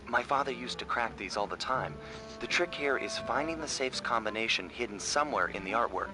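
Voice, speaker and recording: An actor voicing a cool, confident male raccoon master thief in a video game, speaking in a smooth, self-assured way. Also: medium pitch, expressive, a little fast, natural voice. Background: game music.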